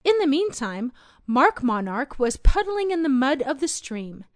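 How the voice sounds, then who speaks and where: A woman narrating a children's read-along storybook in an expressive, sing-song storytelling manner. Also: sits high, a little slow, no echo.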